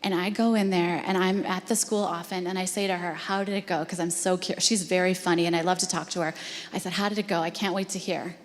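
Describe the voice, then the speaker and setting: A woman's voice: fairly low pitch, steady tone, fast. A woman telling an earnest, emotional story to a live audience at an education talk. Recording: long hall reverb.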